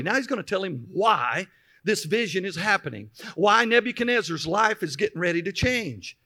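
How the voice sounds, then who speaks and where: High bright-voiced male preacher. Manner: reads scripture then pauses to explain with emphatic asides. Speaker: pastor. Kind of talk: sermon.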